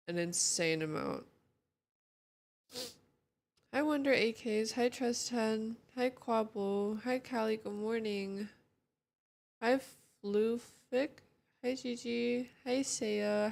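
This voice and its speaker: Sleepy young woman, gravelly slow chat. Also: mid-range voice. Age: young adult. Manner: greets chat viewers one by one, relaxed and chatty. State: sleepy morning voice. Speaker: streamer. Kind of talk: casual chat.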